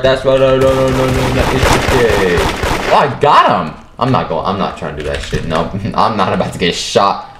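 A young man giving rowdy, profane commentary over his own gameplay, excitable and quick to burst into shouting. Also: fairly low pitch, background noise. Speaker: gaming video creator. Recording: echoey room with keyboard clatter. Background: keyboard clicks and typing.

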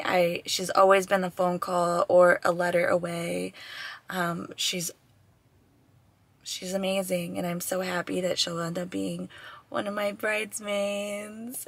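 A woman's voice: mid-range voice, fairly bright tone, no echo. A woman in her twenties talking casually to the camera in a vlog, gushing and emotional, with the odd sigh. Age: 20s. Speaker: vlogger and bride-to-be.

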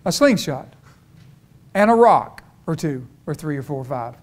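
A middle-aged preacher, his voice sitting high for a man. He tells his stories in a folksy, conversational way and keeps climbing into fervent bursts. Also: very animated, moderate pace. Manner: storytelling, folksy, rising to fervent. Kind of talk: sermon.

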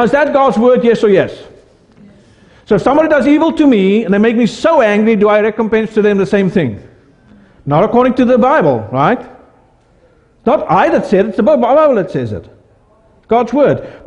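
High-voiced preacher in a reverberant church. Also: male voice, darkish tone. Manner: preaching with questions to the congregation. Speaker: pastor. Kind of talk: sermon.

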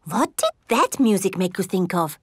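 A woman voicing a gentle female gazelle music teacher in a children's cartoon, patient and encouraging with her class. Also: medium pitch, big pitch swings, moderate pace, natural voice. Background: loud background music.

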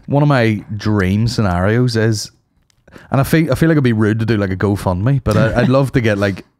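A man's voice: lowish voice, fairly quick, darkish tone, dry recording, clean studio sound. A young man chatting loosely on a podcast, swearing and laughing as he tells stories. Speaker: podcast co-host. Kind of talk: casual chat.

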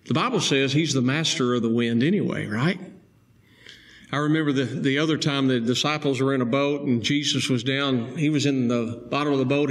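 A male preacher, delivering a sermon with emphatic rising stresses and slow, deliberate key phrases. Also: mid-range voice.

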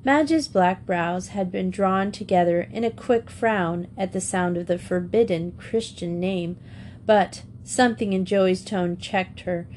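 A woman reading a classic children's novel aloud in a steady, clear storytelling manner. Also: fairly low pitch, measured pace, slight background noise. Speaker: audiobook reader.

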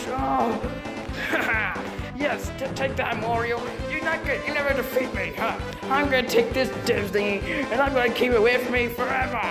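A woman voicing characters in an improvised toy skit, excitable and stammering with frequent repeats. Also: on the high side, measured pace. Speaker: fan video puppeteer voicing characters. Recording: music playing behind. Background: music.

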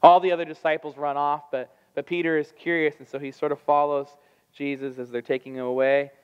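Pastor guy preaching, lively storytelling, slightly high voice, big echoey church. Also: brisk, smooth, muffled recording. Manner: animated storytelling, acting out voices. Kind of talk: sermon. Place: church sanctuary.

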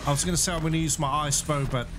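A man casually commenting on his gameplay for his viewers, excitable and quick to swear at enemies. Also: a little high, background noise. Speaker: gaming channel host. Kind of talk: casual let's-play commentary. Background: loud game music.

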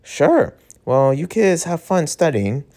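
A man's voice: fairly high pitch, big pitch swings, slow pace, a little mellow. A man voicing a breezy teenage girl with an offhand manner.

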